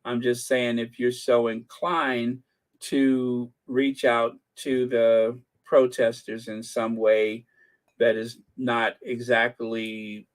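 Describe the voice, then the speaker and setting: Slow rambling older man. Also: mid-range voice. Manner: rambling, jokey, hedging asides. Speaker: channel host. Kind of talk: casual livestream commentary.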